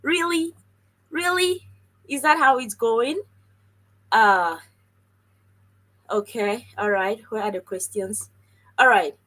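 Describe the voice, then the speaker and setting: A woman hosts a casual scholarship livestream, chatting with viewers, addressing them directly and reading their comments aloud in an animated way. Her mid-range voice moves slowly with long pauses, and the audio is poor.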